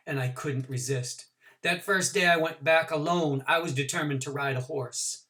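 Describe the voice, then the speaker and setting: A male teacher reading a novel aloud to his class, with expressive voices for the characters and small asides explaining things. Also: fairly high pitch, normal speed. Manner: adds short explanations for listeners. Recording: voice picked up from a distance from the mic.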